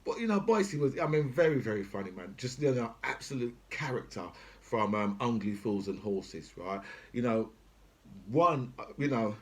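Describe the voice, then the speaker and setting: A middle-aged man, talking off the cuff as a political commentator, swearing a lot and asking "right?" over and over. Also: mid-range voice. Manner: swears heavily, repeats "right?" and "do you know what I mean?", grows louder and angrier. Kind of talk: unscripted rant.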